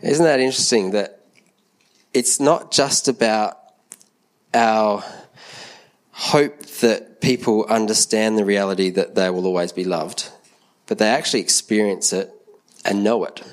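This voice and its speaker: A man, gently giving a children's talk in a church service and asking the kids questions. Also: fairly low pitch, fairly even intonation, measured pace, pauses often. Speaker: church leader speaking to a congregation.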